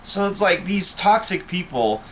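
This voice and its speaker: A man's voice: sits high, very animated, unhurried, a bit bright, slight background noise. A man, a vlogger, ranting to camera in a bitter, angry and profane way. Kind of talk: personal rant to camera.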